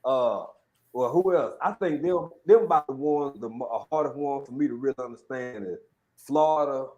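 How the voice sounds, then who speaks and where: A man's voice: mid-range voice, moderate pace, darkish tone. A man hosting a casual chat show, laid-back and joking with slangy talk. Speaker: show host.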